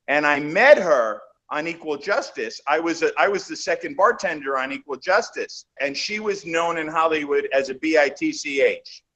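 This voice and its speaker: A man being interviewed, telling animated show-business anecdotes in a casual, rambling way that trails off and restarts. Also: on the high side, muffled recording. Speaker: interview guest, actor. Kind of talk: casual storytelling in a shoot interview.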